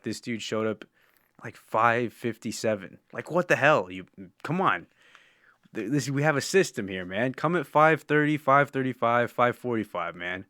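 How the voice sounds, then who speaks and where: A man's voice: on the low side, fairly bright tone, clear, resonant tone, no room sound, studio quality. A man hosting a podcast, chatting casually in a rambling, profane way and laughing often. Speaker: podcast host. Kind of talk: casual live-stream chat.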